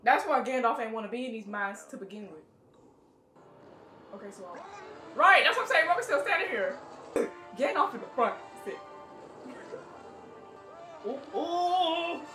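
A woman with a high, swooping voice talks slowly through a movie she is watching, excitable and slangy, gasping and laughing as it plays. She sits back from the mic in an echoey room, and the film's loud music plays behind her. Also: recorded from a distance. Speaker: movie reactor. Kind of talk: excited first-time movie reaction.

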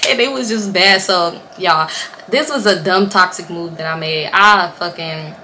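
Young woman, bright voice, animated profane storyteller, vlog. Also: lowish voice, unhurried, a little hiss or hum. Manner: animated, profane, laughs often. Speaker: vlogger.

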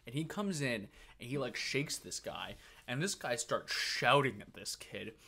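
A young man co-hosting a casual podcast, telling a story with animated, profane energy. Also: mid-range voice, unhurried, creaky. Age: young adult. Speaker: podcast co-host.

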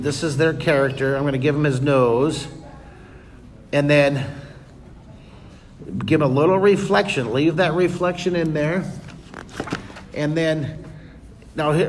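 Upbeat male art teacher, high and bright, recorded in an echoey hall. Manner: enthusiastic, cheering on children. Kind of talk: live drawing lesson with kids. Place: museum room with children. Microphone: leaning close to camera. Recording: echoey hall, noisy room.

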